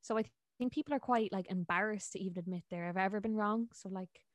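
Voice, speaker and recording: A woman's voice: medium pitch, fast talker, no echo. A young woman with an Irish accent, chatting casually and bluntly, swearing freely. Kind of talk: casual chat.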